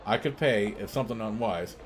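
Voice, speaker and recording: A man's voice: fairly low pitch, brisk, slight background noise, close to an everyday voice. A man voicing a drunk, angry male blacksmith who grumbles bitterly in broken sentences while reading a game's dialogue.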